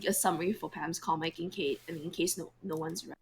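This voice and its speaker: A woman's voice: sits low, steady tone, fast, slight background noise. A woman co-hosting a podcast over a call, teasing and laughing in casual chat. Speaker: podcast co-host.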